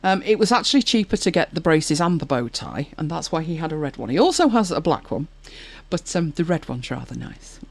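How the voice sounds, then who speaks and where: A podcast host with a low, creaky voice speaks a little fast, her pitch swinging widely, in a recording with no echo. On her casual chat show she is chatty and anecdotal, reading viewer comments and laughing often.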